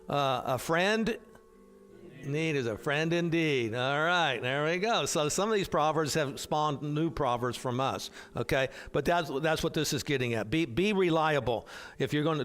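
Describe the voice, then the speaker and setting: A hospital chaplain with a slightly high, fairly bright male voice teaches an adult Bible class. His style is casual and digressive, full of restarts and fillers.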